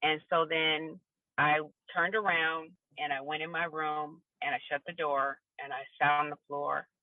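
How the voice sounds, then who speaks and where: This podcast guest calls in by phone, so the line sounds tinny, though there's no room sound. Her voice is low and fairly even, and she takes her time as she earnestly recounts something that happened to her, performing the quoted lines in character.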